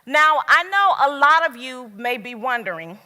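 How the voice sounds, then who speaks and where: A woman giving a motivational speech at a business event, slow and emphatic, with dramatic pauses. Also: high voice, very animated, sharp tone. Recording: long reverb of a large hall.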